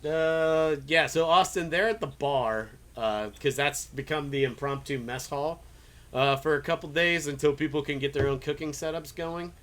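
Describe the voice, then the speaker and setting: A man running a tabletop game as game master, talking casually with halting restarts and the odd swear. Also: a little high, a bit bright.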